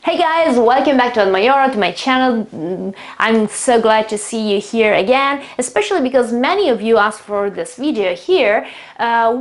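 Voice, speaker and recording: Italian woman, native speaker of Italian, fairly high voice; chatty English tutor who repeats words to model them. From Italy. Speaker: English teacher, channel host. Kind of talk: online language lesson.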